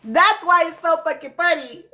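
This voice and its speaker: A woman's voice: very high-pitched, animated, moderate pace, sharp tone, soft background music. A woman hosting a casual livestream, laughing often and talking straight to her viewers. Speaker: livestream host. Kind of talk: casual live-stream chat reacting to comments.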